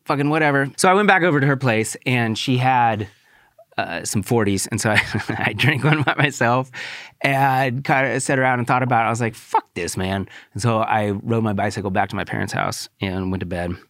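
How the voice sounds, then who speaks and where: A young man telling a personal story in a casual, profane way, with fillers and sudden excited outbursts. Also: brisk, dry recording, clean studio sound. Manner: profane, animated, rising to high-pitched outbursts.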